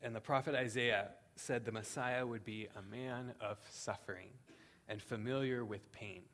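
A man preaching a sermon, speaking earnestly with slow, emphatic pauses and frequent "um"s. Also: medium pitch, fairly even intonation, fairly bright tone. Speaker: pastor.

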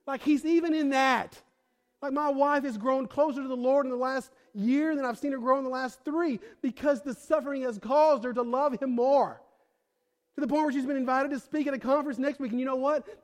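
A young man preaching a sermon as a pastor, telling stories in a chatty way, dropping to a hush and then rising to fired-up emphasis. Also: extremely high pitch, lively intonation, normal speed. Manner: conversational storytelling with fillers, swings from hushed to fired-up.

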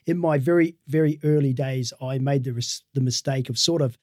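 A man's voice: medium pitch, brisk, darkish tone, no room sound, studio quality. An Australian man, a sports team's head of performance, telling rambling stories in a casual interview and laughing at his own tales.

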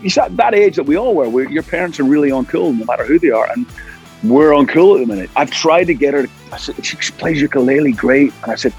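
A man's voice: fairly high pitch, fast talker, faint music behind. A middle-aged man, a rock singer from Scotland, telling stories in a casual interview and acting out what people said. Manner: animated storyteller, acts out quotes.

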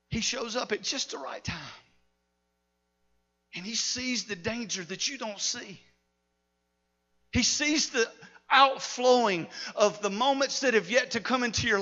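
A male pastor delivers a dramatic sermon in a high, bright voice. He swings from shouting to near-whispers as he tells the story. The recording is dull and lo-fi, with long reverb from a large sanctuary.

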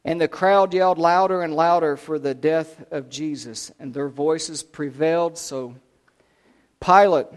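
A man preaching a sermon, retelling a scripture story dramatically, swinging from loud declarations to hushed lines. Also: on the high side, a little slow.

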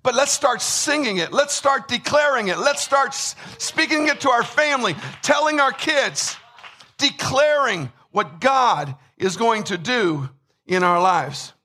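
A man preaching a sermon with emphasis, repeating words and rising to shouts. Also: very high voice, animated, unhurried. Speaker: pastor.

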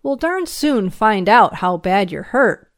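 A woman's voice: mid-range voice, sing-song, slow, no echo, clean studio sound. A woman voicing a folksy country sheriff. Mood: gruff scolding. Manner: folksy drawl. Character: rough-spoken male country sheriff, gruff but fatherly.

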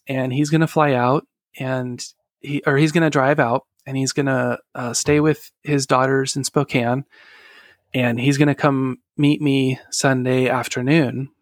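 A middle-aged man, a guest on an interview, telling a personal story in an earnest, halting way with soft laughs. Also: medium pitch, no echo, studio quality.

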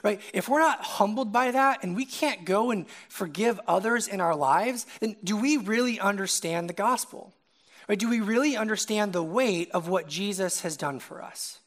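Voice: medium pitch, normal speed, fairly bright tone. A young adult preacher giving a casual, conversational sermon, often checking in with the listeners by asking "right?".

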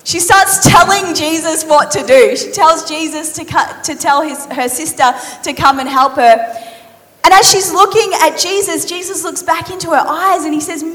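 A woman preacher giving a sermon in a lively, conversational, playful storytelling manner. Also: very high-pitched, moderate pace. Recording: reverberant hall.

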